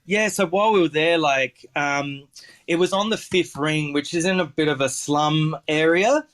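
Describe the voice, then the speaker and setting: Rambling Australian chef, many fillers. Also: male voice, a little high, moderate pace, fairly bright tone. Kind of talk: casual interview storytelling.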